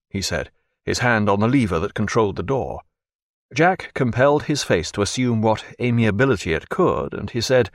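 A man narrating a novel chapter in measured, expressive storytelling. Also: fairly low pitch, no room sound, studio quality. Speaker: audiobook narrator. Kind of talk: scripted narration.

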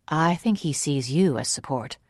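A reader voicing a calm, perceptive grown woman who speaks quietly and matter-of-factly. The recording is dry. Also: sits low, normal speed, dry recording. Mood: reflective.

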